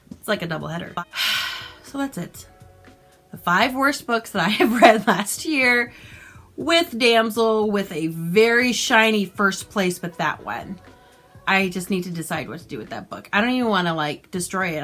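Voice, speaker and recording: A woman vlogging a casual, exasperated and sarcastic book review from home. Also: mid-range voice. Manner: exasperated, sarcastic, animated retelling.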